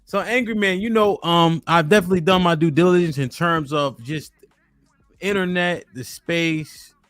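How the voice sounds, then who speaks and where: A man's voice: fairly high pitch, moderate pace, fairly bright tone. A man hosting a podcast interview in a casual, laid-back way, loose with slang and filled with "you know" and "um". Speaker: podcast host. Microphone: studio dynamic microphone.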